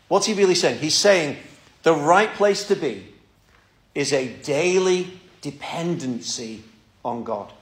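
A man's voice: on the high side, roomy sound. A man preaching a sermon and leading prayer, talking earnestly and often repeating words as he starts a thought.

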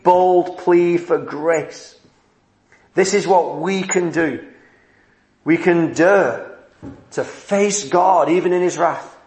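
Male preacher, deliberate and emphatic, unhurried pace, roomy church sound. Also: on the high side. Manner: slow, emphatic preaching with dramatic pauses. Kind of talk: sermon.

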